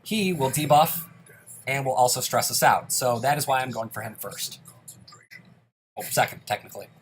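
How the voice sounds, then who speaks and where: A man's voice: medium pitch, normal speed. A man in a mid-range voice talks through his game run, chatty and upbeat, explaining each move as he makes it. A faint hiss of noise sits under the recording. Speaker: let's play host. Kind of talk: casual gameplay commentary.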